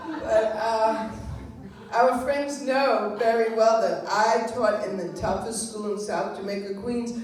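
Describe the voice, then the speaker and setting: A woman's voice: fairly high pitch, fairly even intonation, extremely slow, pauses often. A woman doing a wry, self-deprecating stand-up set on a club stage. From Long Island, New York. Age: 70s. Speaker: stand-up comedian. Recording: roomy club sound heard from far off.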